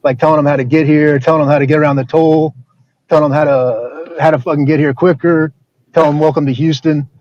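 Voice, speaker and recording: A man's voice: fairly high pitch, steady tone, fast talker, darkish tone, highs cut off. Profane laughing man telling a story. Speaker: stream host. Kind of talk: casual storytelling chat.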